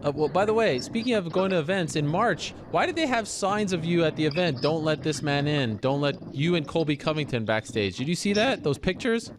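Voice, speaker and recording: A male interview host pressing a guest with follow-up questions, his voice slightly high-pitched. Clear background noise sits under the audio. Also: expressive, a little fast, few pauses. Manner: probing, prompting questions.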